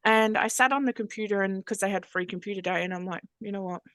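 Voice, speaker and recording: An Australian woman, a hypnosis trainer, telling her personal story as a podcast guest in a frank, earthy, animated way. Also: mid-range voice, fast, clean tone, no echo.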